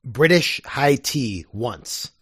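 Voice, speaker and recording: A man's voice: medium pitch, animated, drawn-out words, breathy edge, no room sound. Male co-host, easy laugh, casual banter, dry close mic. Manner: amused, laughing often. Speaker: podcast co-host. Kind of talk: casual podcast chat.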